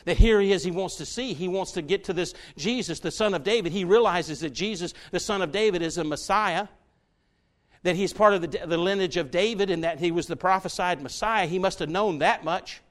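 High-pitched preacher guy, folksy sermon, talks right to the folks in church. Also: a little fast. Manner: folksy, talks straight to the congregation, builds to shouts.

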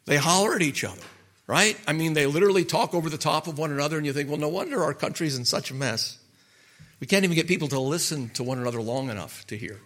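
Middle-aged man, pastor preaching in a folksy, questioning way; bright, ringing voice pitched a little high. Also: fast. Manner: folksy, asks the listeners rhetorical questions. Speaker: pastor and marriage counselor. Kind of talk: conversational sermon.

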